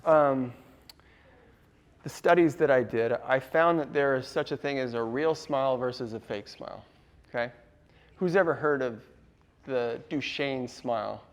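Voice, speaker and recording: A man presenting a casual workshop to a live audience, laughing often and quizzing the room. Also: mid-range voice.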